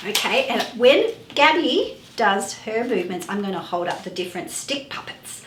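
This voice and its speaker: A woman's voice: fairly high pitch, animated, normal speed, few pauses, reverberant, noisy background. A woman hosting a children's music class, asking playful questions in a sing-song way.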